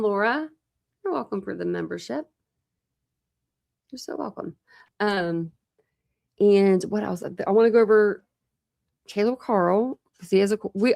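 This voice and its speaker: A woman's voice: mid-range voice, a little mellow. Rambling, chatty woman hosting a livestream. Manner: rambling, filler-heavy, chatty. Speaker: true crime channel host. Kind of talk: casual livestream chat.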